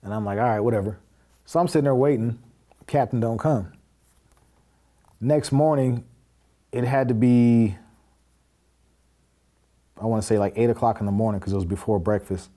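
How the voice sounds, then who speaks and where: A podcast guest casually tells a personal story, speaking at normal speed in a mid-range, warm voice with frequent pauses. He acts out the quoted dialogue in plain, blunt language, full of fillers and swearing.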